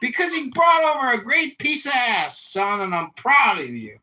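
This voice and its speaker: A boisterous, crude father blurts out praise in a raised, swooping voice, as a man plays him in a story. His bright, echoing voice comes from a distance. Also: very high voice, animated, normal speed, pitched above the performer's own voice, full character voice. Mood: gleeful. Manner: loud, gleeful and raunchy. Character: crude, boisterous, proud middle-aged dad. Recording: echoey room, distant mic.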